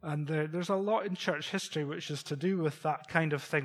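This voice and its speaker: A man's voice: on the high side, fairly quick, hardly any pauses. A middle-aged man preaching a sermon in a conversational way, posing rhetorical questions to the congregation.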